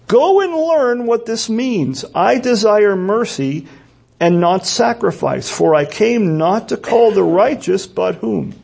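A man's voice: high-pitched, creaky, a little mellow, slightly rough. A man preaching a sermon in an earnest, emphatic way, often repeating key words for stress. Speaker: pastor.

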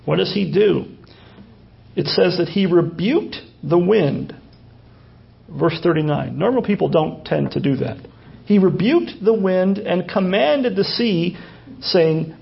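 A man's voice: a little high, lively intonation, slow, creaky, highs cut off. A male pastor preaching a conversational sermon with folksy asides and frequent restarts.

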